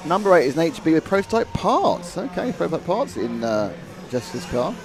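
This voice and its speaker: A man's voice: a little high, sing-song, brisk, vocal fry, music in the background. A man commentating a live race, chatting, joking and reading out viewer comments.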